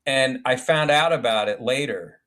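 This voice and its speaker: Animated man telling stories. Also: medium pitch, moderate pace. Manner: animated, acts out quotes, swears casually. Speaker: guest filmmaker. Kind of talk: podcast storytelling.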